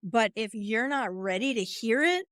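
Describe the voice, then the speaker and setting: On a podcast, a female coach explains her ideas expressively and acts out inner voices. Her voice is a little high and fairly bright, with lively intonation and a slightly slow delivery. The recording is studio quality with no room sound.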